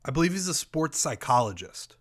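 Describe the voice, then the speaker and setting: Agreeable podcast co-host, short replies. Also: male voice, a little high, big pitch swings, brisk. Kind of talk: casual podcast chat.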